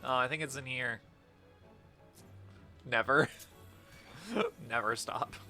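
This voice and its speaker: A man streams a game with casual, jokey commentary and frequent laughter. His voice is bright and forward. Soft game music plays underneath. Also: mid-range voice, expressive, slow pace. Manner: jokey, chatty, laughs often.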